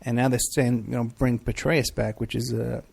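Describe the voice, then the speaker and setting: His mid-range voice is creaky and darkish with a breathy edge, level in tone and at normal speed. A middle-aged man hosting a talk show, he meanders through viewer questions on a casual livestream, chatting with frequent hesitations.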